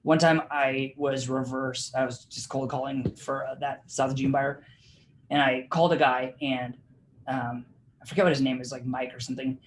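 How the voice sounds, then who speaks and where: Over a video call with background noise, a man with a mid-range voice and steady tone runs a real estate training session at a moderate pace. He's chatty and informal, full of fillers, laughing as he tells stories while he teaches.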